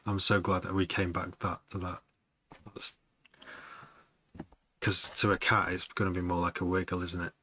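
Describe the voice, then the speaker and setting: A man with a low voice and a bright, forceful edge chats casually to his viewers as a music producer. He rambles, laughs often and thinks out loud. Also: level tone, moderate pace, pauses often. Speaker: music producer streaming to chat. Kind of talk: casual chat with livestream viewers.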